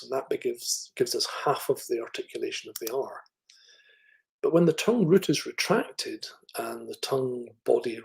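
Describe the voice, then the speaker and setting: A middle-aged man with a middle-class Scottish accent, giving an academic lecture and pausing to demonstrate speech sounds. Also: medium pitch, vocal fry, low-quality recording. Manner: thoughtful, with fillers and restarts, demonstrating speech sounds. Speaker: phonetics professor giving a lecture.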